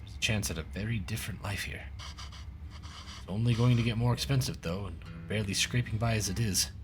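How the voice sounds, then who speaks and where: A man voicing a worried young immigrant father in a story game, speaking earnestly and with some anxiety, with game music behind him. His voice is lower and quieter than his usual talk. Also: fairly quick, lightly acted. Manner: anxious, earnest.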